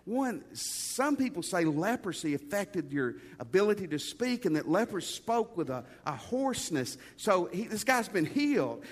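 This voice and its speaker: A man preaching a sermon to a congregation, talking conversationally and calling his listeners folks. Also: high-pitched. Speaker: pastor. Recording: long hall reverb.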